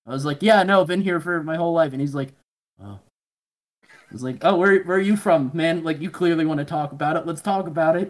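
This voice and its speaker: A man's voice: fairly high pitch, quick pace. Profane rambling man telling stories. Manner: profane, rambling, acts out quoted people in mumbly voices. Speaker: podcast guest. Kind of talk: casual storytelling chat.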